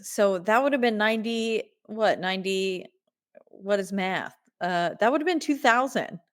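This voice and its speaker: A woman's voice: mid-range voice, a little slow. A woman in her thirties from Texas, co-hosting a podcast and recapping a film in casual, chatty talk with lots of fillers and laughs. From Texas, United States. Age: 30s. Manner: chatty, laughs often, storytelling with many fillers. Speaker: podcast co-host.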